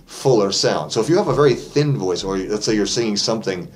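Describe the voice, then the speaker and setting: A man's voice: on the low side, lively intonation, brisk. A man teaching a casual singing lesson as a vocal coach, explaining technique in a chatty way with fillers. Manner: demonstrates sung vowels and cartoon voices between explanations. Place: vocal studio.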